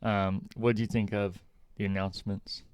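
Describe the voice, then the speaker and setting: An easygoing man co-hosting a podcast, talking conversationally and moving the talk along. His voice is fairly low, smooth and resonant. The sound is dry and close to the mic. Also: level tone, fairly quick, a little mellow, dry recording. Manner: easygoing, conversational, steers the topic. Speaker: podcast co-host. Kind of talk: casual chat. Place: remote recording, like a video call.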